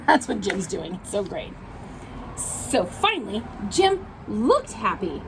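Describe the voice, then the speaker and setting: A mother reading a picture book aloud, breaking off for chatty, animated asides. Her voice is fairly high and swoops around expressively, over a faint background hiss. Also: takes it slowly, gravelly, low-quality recording.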